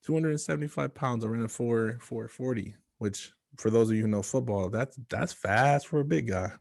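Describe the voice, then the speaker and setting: A man from Michigan giving a motivational speech, telling his own story with dramatic pauses and hushed asides. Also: medium pitch, creaky, dry recording, studio quality. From Michigan, USA. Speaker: motivational speaker.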